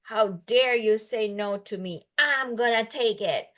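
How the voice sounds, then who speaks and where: A woman's voice: a little high, a little slow, a bit bright, slight background noise. A woman voicing a proud angry storybook king. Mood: indignant. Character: proud angry male king, demanding and boastful.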